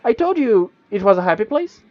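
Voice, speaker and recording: A man's voice: high-pitched, big pitch swings, brisk, no echo, lo-fi sound, soft background music, pitched above the performer's own voice. A man voicing a tiny, cheerful green winged sprite with a chirpy, eager manner. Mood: teasing.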